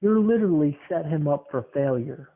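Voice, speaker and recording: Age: 20s. Sex: man. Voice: a bit high, tinny phone-like sound. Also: expressive, moderate pace. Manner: rambling, chuckling storyteller. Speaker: podcast host. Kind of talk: casual rambling monologue.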